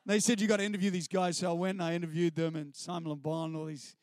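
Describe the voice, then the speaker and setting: A middle-aged man from New Zealand with a New Zealand accent, speaking as a guest on a church stage and sharing his testimony in an animated, self-deprecating, chatty way. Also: on the high side, fast talker, no echo, studio quality. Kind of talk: personal testimony storytelling to a live audience. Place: stage before a live audience.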